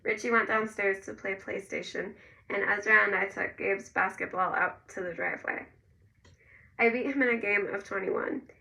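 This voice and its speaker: A woman narrating a first-person novel in a gentle storytelling manner. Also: mid-range voice, steady tone, normal speed, vocal fry, recorded from a distance, rough recording. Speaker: audiobook narrator.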